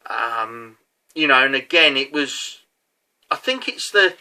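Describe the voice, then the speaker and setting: A man's voice: mid-range voice, expressive, slow, bright, forceful tone. A man, a competitive angler, recounting a match in a chatty, casual way, full of fillers and asides. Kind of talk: casual storytelling.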